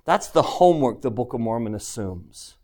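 A man's voice: mid-range voice, animated, moderate pace, a little mellow. A man teaching a scripture class, who keeps asking his students questions and repeats key phrases for emphasis. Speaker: religion teacher.

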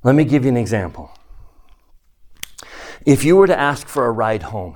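A man teaching a devotional lesson to a class, speaking slowly and deliberately and sometimes dropping to a hushed near-whisper for emphasis. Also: mid-range voice, sing-song. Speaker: religious teacher.

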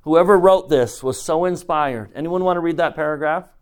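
A man teaching a scripture class, emphatic and animated, calling on students by name in a classroom. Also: fairly high pitch, moderate pace, clear, resonant tone. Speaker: religion teacher.

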